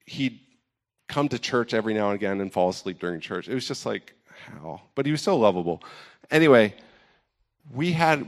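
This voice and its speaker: Candid low-voiced man telling a story. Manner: candid, self-deprecating, many fillers. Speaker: campus ministry staff. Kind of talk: personal testimony, casual storytelling.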